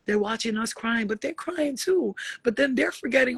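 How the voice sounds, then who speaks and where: Gravelly, husky woman on a late-night chat. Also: a little high, moderate pace, no room sound. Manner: profane, blunt and animated, slips into playful voices. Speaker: spiritual live-stream host.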